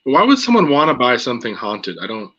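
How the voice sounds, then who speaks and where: A man's voice: medium pitch, huge pitch swings, fairly quick, sharp tone, highs cut off. A man co-hosting a casual live stream, making easygoing, laid-back remarks. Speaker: co-host.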